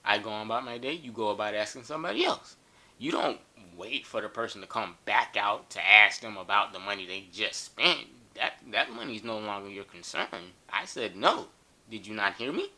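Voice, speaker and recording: A man's voice: on the low side, expressive, normal speed, sharp tone. A man telling a funny story in a casual, joking and profane way.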